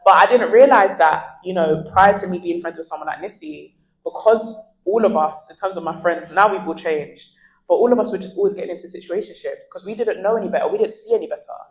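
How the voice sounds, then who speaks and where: Lively woman in her 20s, candid interview guest, acts out quotes as she talks. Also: on the low side, fast, poor audio. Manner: animated storyteller, acts out quoted dialogue.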